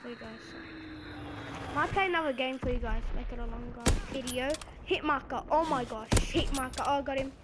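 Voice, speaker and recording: A woman commentating her own gameplay, excitable, with playful trash talk and sudden outbursts, game music and gunfire behind. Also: sits high, moderate pace, heavy background noise. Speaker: gaming video creator.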